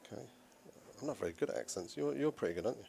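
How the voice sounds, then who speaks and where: A gravelly man calling poker hands play by play. His voice sits at a middle pitch with a rough edge, and he talks in a dry, measured way. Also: lively intonation, darkish tone, a little hiss or hum. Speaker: poker commentator. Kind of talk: play-by-play commentary.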